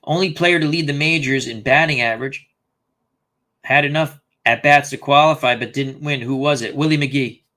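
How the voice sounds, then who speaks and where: A man's voice: mid-range voice, normal speed, bright, forceful tone. A man hosting a casual live stream, thinking aloud and reading out viewer comments. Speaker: host.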